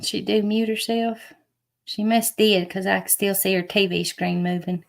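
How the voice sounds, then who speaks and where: A woman's voice: medium pitch, level tone, moderate pace, gravelly. A woman chatting on a livestream, amused and laughing along. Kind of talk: casual livestream chat.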